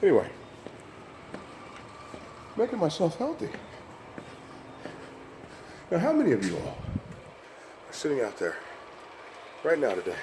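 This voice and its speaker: Older guy vlogging on the stairs, a bit winded, pumped up, pitch all over the place, lots of outdoor noise. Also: wildly swooping pitch, measured pace, pauses often. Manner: upbeat, coaxing, talks straight to viewers. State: slightly winded. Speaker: fitness vlogger. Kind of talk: motivational vlog while climbing stairs.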